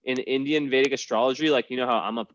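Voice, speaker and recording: A man's voice: medium pitch, steady tone, fast, no room sound, muffled recording. A man hosting a casual group video chat, rambling with many fillers and restarts. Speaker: host.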